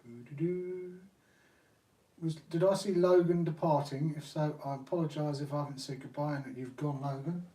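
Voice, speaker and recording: A man's voice: on the high side, fairly even intonation, fairly quick, few pauses, mellow, roomy sound. Chatty man tinkering, distant mic. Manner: chatty, thinking aloud while repairing. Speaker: RC hobby channel host. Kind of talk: casual live-stream workshop chat.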